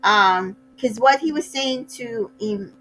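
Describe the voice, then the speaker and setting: A woman hosting a casual recap, chatty and opinionated, with sassy asides and quick voices for the people she quotes. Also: on the high side, bright, forceful tone, a little hiss or hum, rough recording. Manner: acts out cast members' lines in quick voices. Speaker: recap host.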